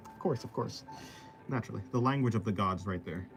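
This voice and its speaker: A man's voice: lively intonation, fast, soft background music. A man from the East Coast of the United States, chatting playfully with livestream viewers while he draws. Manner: playful and jokey, slips into silly squeaky voices. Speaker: art streamer. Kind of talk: casual chat with livestream viewers while drawing.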